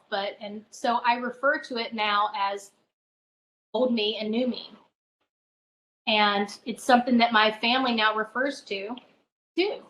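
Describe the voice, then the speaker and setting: A middle-aged woman, a spiritual advisor, tells a personal story as a podcast guest, earnest and halting, often restarting her phrases. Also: on the high side, fairly even intonation, fairly bright tone, poor audio.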